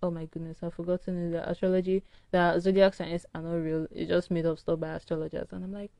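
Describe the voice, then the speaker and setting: A woman's voice: fairly low pitch, level tone, quick pace, creaky, mellow, no echo. A tired woman hosting a solo podcast, rambling frankly in a casual early-morning rant. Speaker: podcast host. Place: indoors at home early morning.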